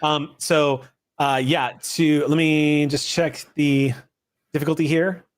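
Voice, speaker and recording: A man's voice: on the high side, little pitch movement, slow. A man running a tabletop role-playing game, narrating scenes and explaining the rules with plenty of fillers. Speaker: game master.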